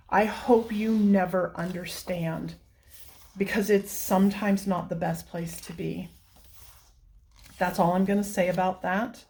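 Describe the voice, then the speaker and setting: A woman hosting a coloring channel, chatting casually and gushing over books with soft exclamations and giggles. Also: mid-range voice. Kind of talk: casual vlog, flipping through coloring books.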